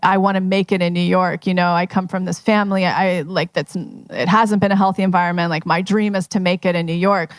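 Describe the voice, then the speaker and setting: At a live event in a members' club, a woman manifestation coach tells stories to the audience in a chatty, filler-heavy way. Her voice is on the low side and flat, fairly quick with hardly any pauses, and there's no room sound.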